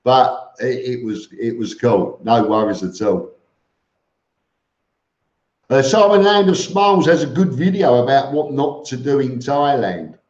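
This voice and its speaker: Answering viewers on his live stream, this middle-aged East London vlogger talks bluntly and rambles, with many ums and restarts in his London accent. His mid-range voice swings widely in pitch at a measured pace with a darkish tone, recorded with roomy, slightly dull sound.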